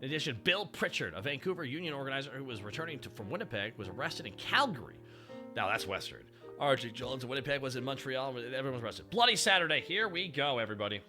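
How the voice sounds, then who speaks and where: A young man streaming while driving, reading history aloud with animated, profane, sarcastic asides. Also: mid-range voice, fast talker, music in the background.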